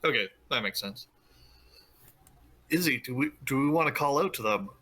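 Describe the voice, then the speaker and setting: Bright-voiced man thinking aloud as a player. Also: medium pitch, animated, normal speed. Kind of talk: tabletop game chat.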